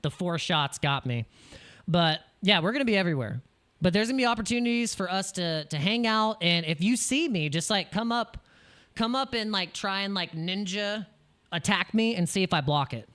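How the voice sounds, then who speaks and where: A man's voice: sits high, animated, moderate pace, a bit bright. An American man hosting a crypto livestream in casual chat, rambling and joking, with frequent laughs and restarts, jittery from espresso. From United States.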